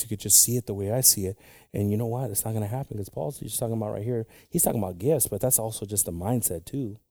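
A man preaching a bilingual sermon with passion, dropping to hushed whispers and rising to shouts. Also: fairly low pitch, dry recording, studio quality.

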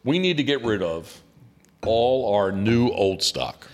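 A man's voice: on the low side, animated, slow pace, slight background noise. A man hosting a podcast in loose, rambling casual chat, often restarting his sentences. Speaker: podcast host and hunting guide.

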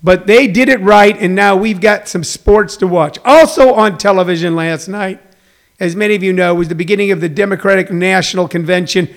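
A man's voice: sits high, brisk, vocal fry. A middle-aged man hosting a talk show, delivering a chatty, rambling monologue full of folksy asides.

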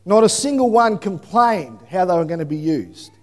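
Male preacher, lively storyteller who breaks into shouts; unusually high voice, long echo of a church hall. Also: moderate pace. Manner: animated storytelling, bursts into shouting. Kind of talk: sermon.

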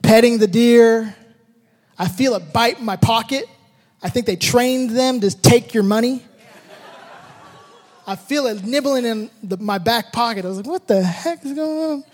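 Very high-voiced man telling a story in a hall. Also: measured pace, long pauses. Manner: animated, acts out the moments with shouted sound effects. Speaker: father telling a personal story. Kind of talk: storytelling talk with a life lesson.

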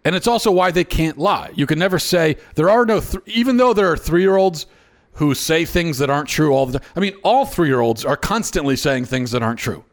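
A man's voice: on the high side, animated, a little fast. A man in his thirties hosting an opinion monologue, exasperated and often stammering and restarting his sentences. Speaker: host.

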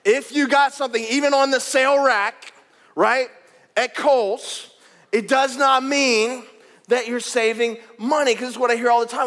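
A man preaching a sermon, animated and joking as he calls out to the congregation. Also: very high voice, moderate pace. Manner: animated, jokey, calls out to the crowd. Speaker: pastor. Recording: long hall reverb.

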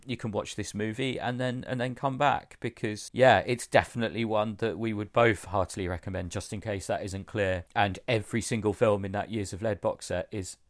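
A man's voice: fairly low pitch, dry recording, clean studio sound. A man co-hosting a film podcast, chatting in a hesitant way with plenty of fillers. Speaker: podcast co-host. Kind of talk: casual chat about films.

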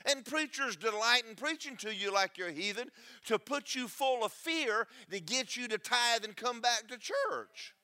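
A man preaching a sermon, emphatic and preachy, swinging between loud and soft. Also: very high-pitched, lively intonation, normal speed, hardly any pauses. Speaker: pastor.

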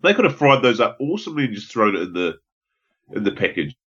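A man with a lowish voice chats casually, often cutting in with curious questions and quick asides. The recording is a little dull and lo-fi, as if the top end were rolled off. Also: sing-song, fairly bright tone, husky. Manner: curious, asks questions, interjects. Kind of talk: casual chat.

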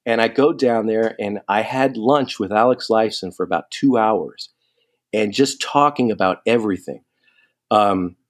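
A man telling a long story in casual chat, animated and quoting people as he goes. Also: fairly low pitch. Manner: animated, quotes people in lively asides.

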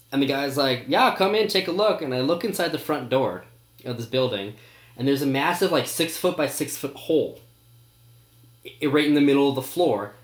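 A young man co-hosting a podcast, telling a story in a laid-back way and filling his talk with "like". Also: mid-range voice. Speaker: podcast co-host. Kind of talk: casual chat. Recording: echoey room.

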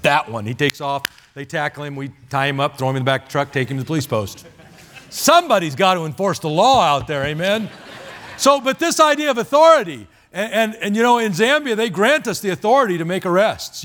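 A man preaching in a church, spinning anecdotes in a loose, conversational way. His voice sits a bit high and moves all over the place, rising and falling with the story. He stumbles and repeats words as he goes, like a casual storyteller at the pulpit. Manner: animated, chatty storytelling with many fillers and quoted voices. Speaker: missionary preacher. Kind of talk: sermon with storytelling. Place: church sanctuary.

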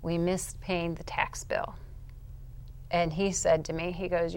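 A woman being interviewed, telling a personal faith testimony as a vivid storyteller. She drops to quiet, low narration and rises to loud, high-pitched bursts. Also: level tone, measured pace, a little hiss or hum. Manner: vivid storyteller who acts out her own past outbursts. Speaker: interview guest.

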